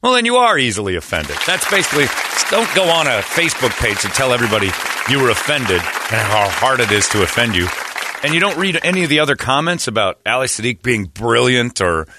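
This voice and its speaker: A man's voice: medium pitch, a little fast, over a noisy crowd, heavy background noise. A man hosting a radio show, telling a story casually and acting out the voices of the people in it. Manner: animated storyteller who acts out quoted voices. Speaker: radio host.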